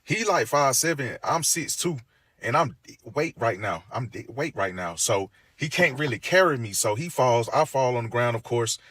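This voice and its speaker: A man's voice: medium pitch, moderate pace. Man animatedly telling a personal story. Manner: animated, acts out quoted voices and sounds; loose, full of "like" fillers and restarts.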